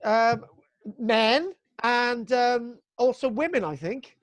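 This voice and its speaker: A man from Britain hosts a live online archaeology class for young students over video call, excitable and humorous, putting on exasperation and finishing sentences with "right?". He has a very high voice, takes his time speaking, and there's no echo.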